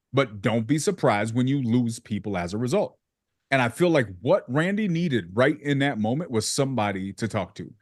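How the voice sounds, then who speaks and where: A man gives blunt feedback on a sales call, mixing slang with quick acted-out examples. His voice sits at an ordinary pitch and sounds close and dry, with no room around it. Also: dry recording. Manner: direct, animated coaching with acted examples; casual slang, calls people bro. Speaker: sales coach. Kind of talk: feedback session.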